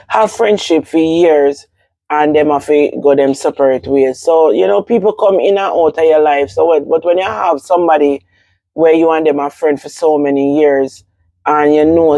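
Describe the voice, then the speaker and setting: A woman from Jamaica with a Jamaican accent, hosting a casual vlog and rambling in a relaxed way with Patois phrasing. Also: low voice, normal speed, no room sound. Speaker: host.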